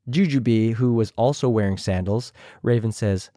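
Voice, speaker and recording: Casual male podcast host, young, recap delivery, average pitch, dry close sound. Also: steady tone, moderate pace, hardly any pauses, warm tone, no echo. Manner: chatty, mimics others in a higher voice. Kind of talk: casual recap with imitated quotes.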